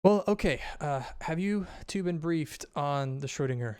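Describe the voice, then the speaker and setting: A man's voice: on the high side, animated, a little slow, darkish tone, smooth, no room sound, studio quality. A man voicing a flustered, scattered woman scientist who rambles through technical explanations.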